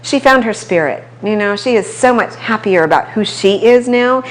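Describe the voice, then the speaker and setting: A woman personal trainer telling stories about her clients in a casual talk at an office, with quick asides. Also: medium pitch, lively intonation. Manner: conversational storytelling, quick asides. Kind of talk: casual talk to a small audience. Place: chiropractic office.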